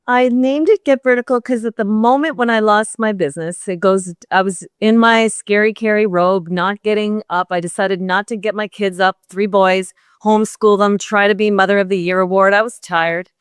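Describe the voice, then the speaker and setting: A woman's voice: mid-range voice, fairly even intonation, moderate pace, few pauses, smooth, dry recording, studio quality. A middle-aged woman from Canada, a golf pro and podcast guest, telling a story bluntly and with energy. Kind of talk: casual interview chat.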